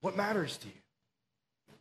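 High-voiced pastor. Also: male voice, very animated, slow, a bit bright. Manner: earnest, pleading, conversational preaching. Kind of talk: sermon.

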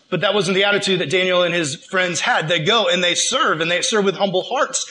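Bright-voiced, slangy young preacher. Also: male voice, high voice, a little fast, hardly any pauses, low-quality recording. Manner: slangy, animated storytelling. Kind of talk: casual sermon storytelling.

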